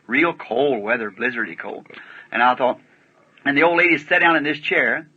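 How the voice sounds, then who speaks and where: A man's voice: mid-range voice, expressive, normal speed, bright, forceful tone, breathy edge. A man preaching, telling a story in a folksy, plain-spoken way with rustic grammar, on a dull lo-fi archival recording. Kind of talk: sermon storytelling.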